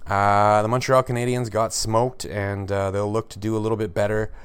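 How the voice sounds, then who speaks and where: A low-voiced man hosts his own sports podcast, ranting emphatically and tripping over restarts as he goes. The sound is dry and close, with no room around him. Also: level tone, moderate pace, clean tone, no echo. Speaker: podcast host. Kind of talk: solo sports podcast commentary.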